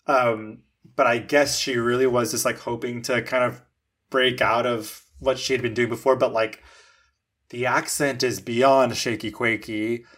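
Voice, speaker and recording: A man co-hosting a film review podcast, rambling in an animated way and cursing freely. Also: medium pitch, a little slow. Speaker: podcast co-host. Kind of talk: casual film review chat.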